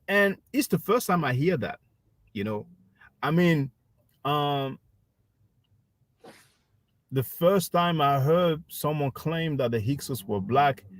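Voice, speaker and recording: A man hosting a livestream, calmly explaining history and addressing his listeners as brothers and sisters. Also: medium pitch, no echo, studio quality. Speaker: livestream host. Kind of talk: casual history discussion.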